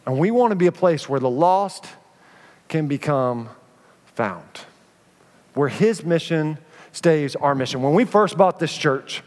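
A man preaching a sermon as pastor, telling stories with animated energy and acting out the voices of the people in them. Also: a little high, a little slow, long pauses. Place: church sanctuary. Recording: reverberant church sanctuary.

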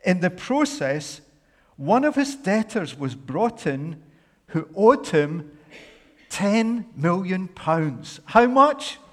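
A pastor with a somewhat high voice tells a parable with playful, animated asides. He speaks slowly and deliberately, and the long echo of a large church hall trails each phrase. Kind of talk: sermon with a dramatized parable reading.

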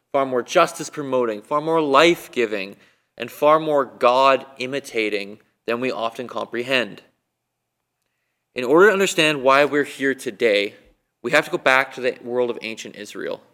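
A man with a bright, forceful voice delivers a sermon. He speaks conversationally and keeps putting questions to his listeners, recorded for an online church service. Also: mid-range voice. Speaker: guest preacher.

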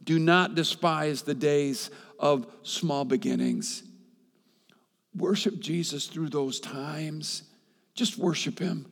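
A man preaches with fervor, his fairly high voice climbing and dropping to a hush as he repeats and restates his point. The sound rings with the long reverb of a large hall. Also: slow, gravelly. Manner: impassioned, swings from loud and high to soft, repeats himself. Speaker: pastor. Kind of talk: sermon.

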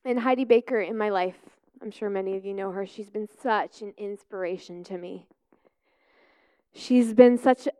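A woman's voice: mid-range voice, a little mellow, clean tone, no echo. A woman in her thirties, a Christian speaker and mother, giving a candid, rambling personal faith testimony full of "like" and "you know.".

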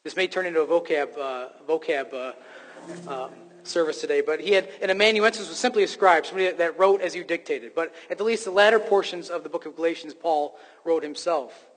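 An emphatic man preaching, his voice pitched high and full of restarts and fillers as he presses his point. His voice rings out with the long reverb of a large hall. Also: fairly quick. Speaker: pastor. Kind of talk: sermon.

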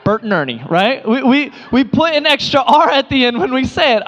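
A man preaching a sermon, telling playful everyday stories with mock surprise and animated delivery. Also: very high-pitched, moderate pace, big-room sound, highs cut off. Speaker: pastor.

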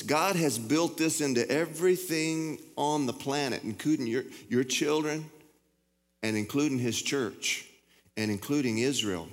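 A man's voice: mid-range voice, a little slow. A middle-aged man preaching a sermon in a folksy way, often repeating and stumbling over his words, in a large church hall. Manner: folksy, repetitive, stammering. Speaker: pastor. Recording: long hall reverb.

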